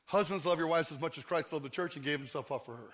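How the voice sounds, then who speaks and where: Preaching in church, this pastor in his fifties speaks quickly in a fairly high, slightly bright voice. He tells funny stories and acts out scenes.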